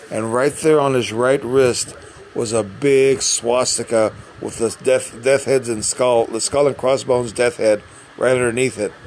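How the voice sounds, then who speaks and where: A man's voice: medium pitch, darkish tone, slight background noise, low-quality recording. An older man, a navy submarine veteran, telling casual stories in a rambling way, with frequent restarts and fillers. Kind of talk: casual storytelling.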